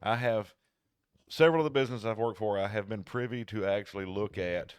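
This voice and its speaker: A man's voice: fairly low pitch, fairly quick, smooth, no room sound, studio quality. A man co-hosting a casual podcast, rambling through stories and acting out the callers in them. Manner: rambling storyteller, acts out callers' voices. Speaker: podcast co-host. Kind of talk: casual chat.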